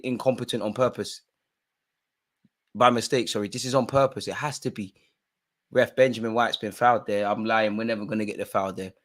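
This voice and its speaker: A young man hosting a live football watch-along, ranting at the referee and swearing, full of street slang. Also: mid-range voice. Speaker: streamer.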